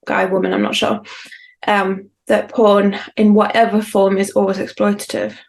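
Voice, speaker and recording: A woman's voice: mid-range voice, flat delivery, moderate pace. A woman co-hosting a podcast, chatting casually and rambling through funny stories with self-mocking humour. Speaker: podcast co-host. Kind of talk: casual chat.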